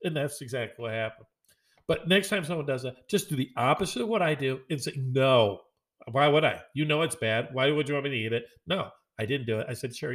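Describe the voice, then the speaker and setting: Rambly guy talking about his week, gravelly voice, does little voices for people in the story. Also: medium pitch. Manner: rambling, chatty, acts out dialogue in other voices. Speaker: podcast host. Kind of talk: casual storytelling monologue.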